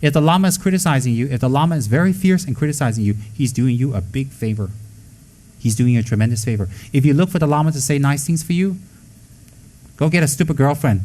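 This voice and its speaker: A man's voice: mid-range voice, warm tone. Blunt, joking man giving a Buddhist talk. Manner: emphatic, blunt and joking, with rhetorical questions. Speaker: Buddhist lama teaching. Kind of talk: informal dharma talk.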